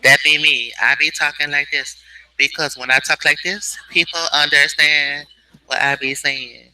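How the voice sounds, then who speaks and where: A loud, brash male character, as a man puts him on, talking in drawling folksy grammar and rambling from point to point. The voice sits a touch higher than the speaker's own and rings sharp and bright throughout. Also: steady tone, moderate pace, no echo, rough recording. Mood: boastful.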